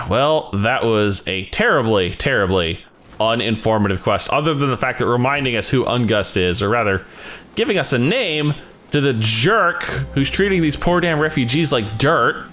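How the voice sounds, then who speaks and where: A man giving sarcastic, animated gameplay commentary as a let's play gamer. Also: mid-range voice, normal speed, faint music behind.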